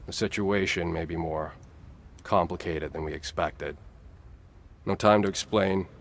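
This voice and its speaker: A man voicing a terse adult man in a video game, brisk and clipped as he reports to a comrade. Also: sits low, slight background noise. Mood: urgent.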